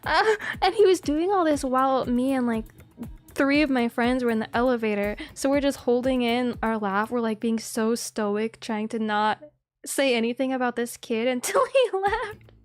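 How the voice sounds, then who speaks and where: A woman's voice: fairly high pitch, expressive, normal speed, faint music behind. A young woman streamer chatting casually, laughing often and swearing freely.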